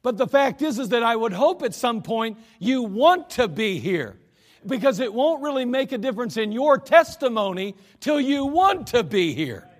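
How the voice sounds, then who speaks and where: A man's voice: very high-pitched, sing-song, moderate pace. A man preaching a sermon in a church, earnest and emphatic in a conversational way. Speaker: pastor. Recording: echoey church hall.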